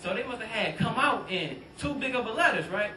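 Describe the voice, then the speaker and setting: A man's voice: high-pitched, lively intonation, fairly quick, bright, forceful tone, far from the mic, slight background noise. A young man from doing a stand-up comedy set, bantering loosely and talking straight to the crowd. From Detroit. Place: comedy club stage. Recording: roomy club sound, mic set back.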